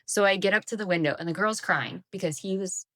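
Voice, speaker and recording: A woman's voice: medium pitch, fast talker, fairly bright tone. A woman co-hosting a podcast, telling a story in a chatty, laughing way full of fillers. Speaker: podcast co-host. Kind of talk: casual chat, storytelling.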